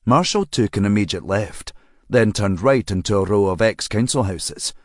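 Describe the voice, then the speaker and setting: A man narrating an audiobook crime novel in a measured, even storytelling manner. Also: lowish voice, no room sound, clean studio sound. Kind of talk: scripted narration.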